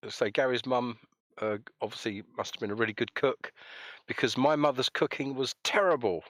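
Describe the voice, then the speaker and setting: A man's voice: medium pitch, moderate pace, fairly bright tone, no echo. A man hosting a live stream, chatting casually and joking while reading out viewer comments. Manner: jokey, rambling, reads chat comments aloud. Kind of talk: casual chat on a voice call.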